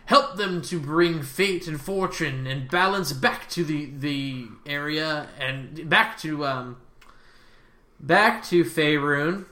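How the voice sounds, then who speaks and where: A game master voicing a female priestess leading a halting, improvised prayer, with no prepared speech. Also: medium pitch, pushed and bright, echoey room. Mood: solemn. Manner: halting, earnest.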